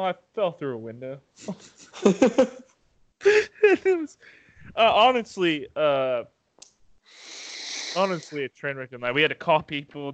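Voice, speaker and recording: A young man and podcast host in casual chat, telling stories with swearing and laughter and jumping up in pitch when he acts out his fright. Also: fairly bright tone, a little hiss or hum.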